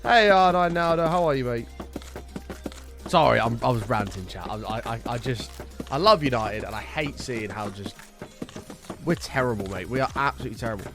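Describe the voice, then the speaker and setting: A man's voice: medium pitch, animated, a little fast, fairly bright tone, soft background music. A British man chatting live to his stream viewers, ranting heatedly and swearing often. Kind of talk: casual live-stream chat.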